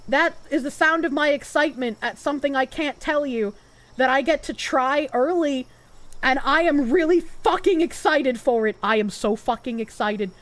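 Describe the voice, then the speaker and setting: A young woman streaming live, chatting casually and thanking viewers, swinging from loud high squeals to low mutters. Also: moderate pace, a little hiss or hum. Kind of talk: casual live-stream chat reading donations.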